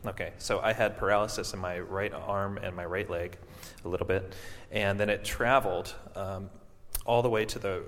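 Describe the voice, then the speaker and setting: A man telling an audience his own story, halting often, with many fillers and restarts, and laughing at himself. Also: low voice, steady tone, fairly bright tone. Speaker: performer and stroke survivor. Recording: long hall reverb.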